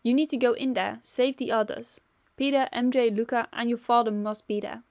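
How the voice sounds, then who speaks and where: A woman voices an urgent male ally in a slightly high, slightly mellow voice close to everyday speech. Her intonation is fairly even at normal speed, in a dry, studio-quality recording.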